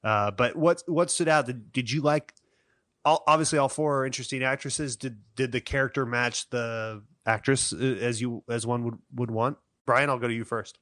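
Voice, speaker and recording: A man's voice: mid-range voice, steady tone, moderate pace, fairly bright tone, no echo, studio quality. A man co-hosting a casual film discussion, rambling and joking with many restarts. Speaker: podcast co-host.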